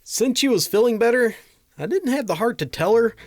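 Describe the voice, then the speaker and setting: Reading a series of funny doctor and patient stories aloud, this man has a very high, animated voice and a brisk pace. His humor is delivered drily, and the recording has no echo.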